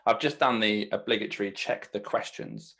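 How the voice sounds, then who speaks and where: A man's voice: on the low side, very animated, moderate pace, vocal fry, fairly bright tone, husky. A man hosting a podcast interview in a jokey, casual way, reading out listener questions. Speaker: podcast host.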